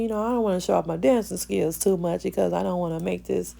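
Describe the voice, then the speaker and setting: Gravelly-voiced chatty woman hair stylist. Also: lowish voice, quick pace, mellow. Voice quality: gravelly morning voice. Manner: chatty, playful, talks to viewers as y'all. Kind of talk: casual voice-over vlog chat. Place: salon suite.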